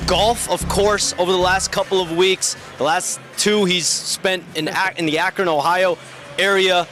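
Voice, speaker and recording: High bright male sports reporter. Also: fairly even intonation, a little slow, soft background music. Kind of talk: measured news report.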